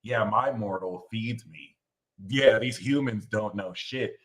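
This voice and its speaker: A man hosting an astrology show, ranting casually and animatedly, swearing and jumping into high mocking voices when quoting others. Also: slow pace, a bit bright, low-quality recording. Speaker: astrology channel host. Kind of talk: casual livestream rant.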